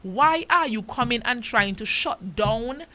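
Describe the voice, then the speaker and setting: A woman's voice: on the high side, expressive, a little slow, pushed and bright. A woman from Antigua with an Antiguan accent, a talk show guest who argues her case with impassioned rhetorical questions.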